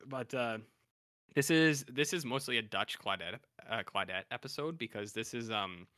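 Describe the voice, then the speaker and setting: A man's voice: mid-range voice, normal speed, sharp tone, no room sound, studio quality. A man hosting a podcast, casually recapping episodes in a rambling, self-correcting way with some profanity. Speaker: podcast host.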